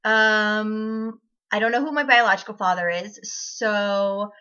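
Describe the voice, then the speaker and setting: A woman's voice: medium pitch, fairly even intonation, slow pace, sharp tone, clean tone. A woman in her twenties chatting to camera in a giggly, rambling, self-deprecating way, on dull lo-fi audio. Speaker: vlogger. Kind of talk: casual chat to camera.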